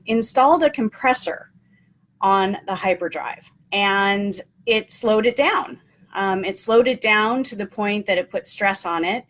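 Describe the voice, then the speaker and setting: A woman hosting a casual live stream, talking in an earnest, encouraging way with frequent ums and repeated key points. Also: mid-range voice. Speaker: motivational host.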